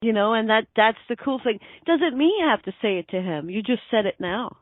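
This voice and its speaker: A woman's voice: a little high, lively intonation, a little fast, no room sound. A woman guest on an online radio show, chatting casually and easygoingly, laughing often. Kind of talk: casual chat. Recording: dull lo-fi online radio, dry.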